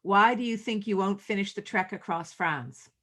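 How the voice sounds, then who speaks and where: A woman's voice: medium pitch, normal speed, a bit bright. A woman moderating an online talk, briefly and politely passing on questions from the audience. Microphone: video call.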